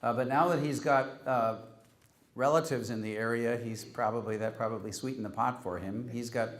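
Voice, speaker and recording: A man's voice: medium pitch, normal speed. A man hosting an event and handing out humorous awards, teasing the recipients in a wry way and reading Latin quotes aloud. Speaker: host handing out joke awards. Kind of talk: humorous after-dinner award speech.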